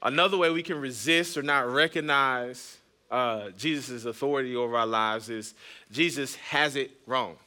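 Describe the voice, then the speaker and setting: A man's voice: medium pitch, normal speed, bright, forceful tone. A man in his thirties, a pastor hosting a podcast, preaching in a chatty way with personal stories and jokes aimed at the congregation. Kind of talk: conversational sermon with personal stories.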